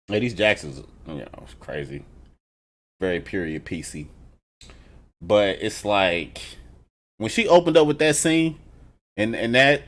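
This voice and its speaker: A man giving a casual TV episode review, profane and animated as he retells scenes. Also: on the low side, measured pace, long pauses. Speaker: TV show reviewer.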